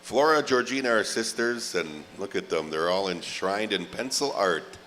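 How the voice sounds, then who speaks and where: A man emceeing a live event, calling names slowly with drawn-out "oh, uh" fillers and light joking asides. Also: lowish voice, expressive, fairly bright tone, big-room sound. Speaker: pow wow emcee. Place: large outdoor event grounds.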